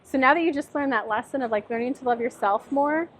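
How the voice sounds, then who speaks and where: A woman's voice: high voice, fast. A woman giving a casual tarot reading in a chatty, encouraging way, with lots of "like" and "um". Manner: chatty, encouraging, many fillers. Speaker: tarot reader. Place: lives in Tennessee.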